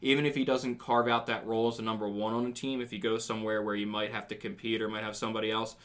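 A man's voice: lowish voice, little pitch movement, fast talker, a bit bright. Casual man chatting about fantasy football. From not from the South. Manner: rambling, thinks aloud with restarts. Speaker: podcast host. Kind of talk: casual sports chat.

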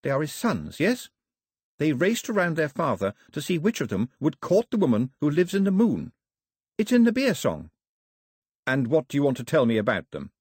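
A man voicing an eager, clever young girl who explains things in earnest, well-spoken and quick to get excited. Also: on the high side, slightly rough, dry recording, studio quality, voice pushed up, heavily acted. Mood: eager explaining.

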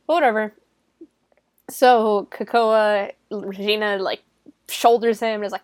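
Recapping a movie plot in a loose, offhand way, a young adult woman film reviewer sprinkles in "like", curse words and frequent laughter. She speaks unhurriedly at a mid pitch with fairly even intonation, and her voice is dry and close with no room sound at all.

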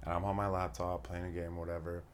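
Deep-voiced, profane young man. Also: flat delivery, quick pace, slight background noise. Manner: profane, rambling storyteller. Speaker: podcast host. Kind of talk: casual chat.

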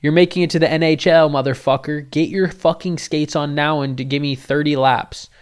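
A man voicing a hockey-obsessed dad who barks orders at his son like a drill coach, yelling and cursing. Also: fairly high pitch, steady tone, brisk, clear, resonant tone, voice pushed up, close to an everyday voice. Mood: barking orders.

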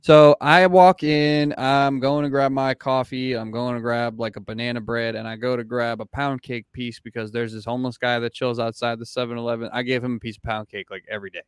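A man's voice: medium pitch, brisk, few pauses, smooth, dry recording, clean studio sound. A young adult man hosting a podcast in casual chat, telling profane stories and acting out what people said. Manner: animated storyteller who acts out quotes. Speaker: podcast host.

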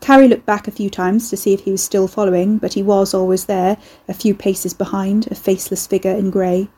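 A woman narrates a storybook in a steady, dry manner. Her voice is mellow and warm, with a soft husky edge. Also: mid-range voice, a little fast. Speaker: audiobook narrator.

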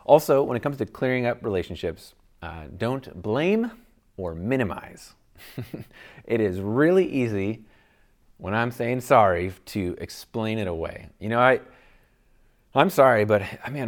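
A man in his thirties giving an earnest, conversational Christian teaching as a father, with frequent restarts and soft laughs. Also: sits low. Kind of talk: sermon-style teaching.

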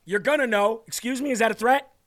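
A man hosts his own livestream, delivering fiery political commentary. His voice sits high and sounds bright and sharp. He leans into each point in a combative, ranting way. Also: fast talker. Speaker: livestream show host.

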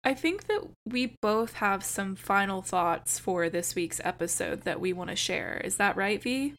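Gravelly-voiced woman podcast co-host. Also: medium pitch, expressive, unhurried, a bit bright, slight background noise. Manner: enthusiastic, swears casually. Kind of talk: casual chat.

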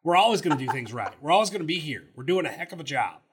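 A man's voice: fairly high pitch, big pitch swings, very fast, slightly rough, exaggerated voice. A man doing an impression of an indignant middle-aged football coach, ranting defensively at a press conference. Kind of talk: podcast impression.

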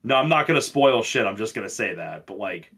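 A man's voice: on the low side, lively intonation, a little fast, fairly bright tone, breathy edge. A young man co-hosting a podcast, chatting casually and telling profane, ranting stories. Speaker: podcast co-host. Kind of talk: casual chat.

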